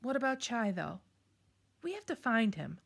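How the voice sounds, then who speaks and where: A woman's voice: a little high, sing-song, moderate pace, gravelly, full character voice. A woman voicing a small, tearful female animal who whispers and quavers in a storybook reading. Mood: muttering.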